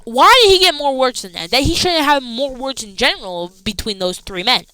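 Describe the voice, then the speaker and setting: A woman casually recapping a wrestling show, rambling excitedly with slangy asides. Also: sits high, normal speed, clean tone, dry recording, rough recording.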